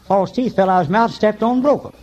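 An older man preaching a revival sermon in church, telling folksy stories and breaking into high shouts. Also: fast talker. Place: church meeting. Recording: dull lo-fi recording.

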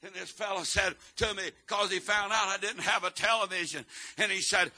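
Male preacher, high bright voice, chanting sermon with amens. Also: fairly even intonation, fairly quick. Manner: chanting, swelling to shouts, answering "amen" after phrases; chatty and joking in quieter stretches. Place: church.

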